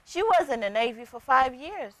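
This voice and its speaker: A woman's voice: high voice, lively intonation, normal speed, a bit bright, dry recording, poor audio. A woman who works as a nurse practitioner, speaking as a guest on a TV health interview and telling chatty stories from her work. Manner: chatty storytelling, acts out patients' lines.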